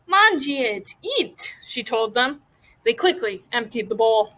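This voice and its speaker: A woman's voice: fairly high pitch, big pitch swings, pushed and bright, low-quality recording. A woman teacher reading a novel aloud to her class and stopping to ask the students questions. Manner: pauses to question students about the story.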